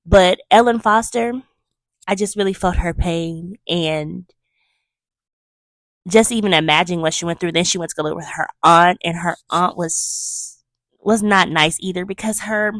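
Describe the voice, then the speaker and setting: A woman hosting a casual movie review, chatty and animated as she retells scenes with emphatic asides. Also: lowish voice, unhurried, no room sound, studio quality.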